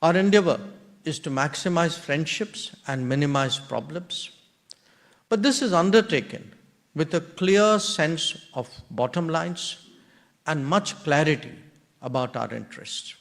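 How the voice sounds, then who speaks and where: A man with an Indian accent delivering a formal memorial lecture, speaking in measured, deliberate phrases broken into short clauses. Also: on the high side, vocal fry.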